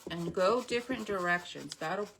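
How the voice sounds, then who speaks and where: A woman's voice: on the low side, normal speed, gravelly, a bit bright, slight background noise. A woman hosting a live craft demonstration, chatting casually with viewers and greeting them by name, with a slightly stuffy nose. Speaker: craft livestream host.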